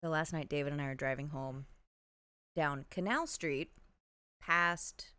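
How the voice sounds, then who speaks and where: A woman's voice: low-pitched, unhurried, bright, forceful tone, clean tone, no room sound, clean studio sound. A woman co-hosting a podcast livestream with a stuffy nose, chatting casually and telling a story with wry, swearing humor. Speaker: podcast co-host.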